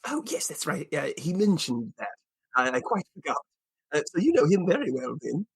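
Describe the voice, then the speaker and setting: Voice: mid-range voice, big pitch swings, moderate pace, creaky, slightly rough, heavily acted. A player voicing a fussy, eager male adventurer in a tabletop game, talking in a flustered, rambling way.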